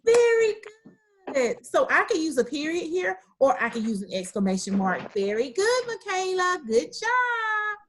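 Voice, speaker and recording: A woman's voice: high-pitched, big pitch swings. A woman teacher running an online class over a video call, encouraging students and praising their answers often. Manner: reads sentences aloud slowly.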